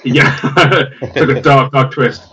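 A man's voice: medium pitch, slow, sharp tone, far from the mic, a little hiss or hum, low-quality recording. A man co-hosting a casual film chat, enthusiastic and rambling with many fillers. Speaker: podcast co-host.

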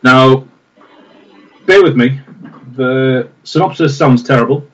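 A man's voice: medium pitch, slow, slight background noise. Rambling man, muffled and distant. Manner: enthusiastic, rambling with fillers. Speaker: podcast co-host. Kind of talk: casual film chat.

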